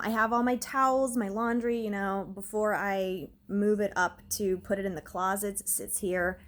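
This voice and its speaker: A woman vlogging from her own home, telling a story in an agitated, rambling way, full of "like". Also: mid-range voice. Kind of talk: casual storytelling to camera.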